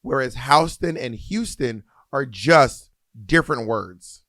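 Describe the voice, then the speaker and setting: A man's voice: medium pitch, animated, slow pace, fairly bright tone, no echo. Argumentative man co-hosting a podcast, dry sound. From Georgia, USA. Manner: argumentative, rambling with many restarts. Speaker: podcast co-host. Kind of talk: casual banter.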